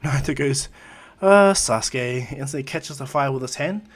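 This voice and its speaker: A man casually retelling a fan-made story in a rambling, animated way, full of fillers. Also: mid-range voice, fast, breathy edge. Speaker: storyteller, channel host.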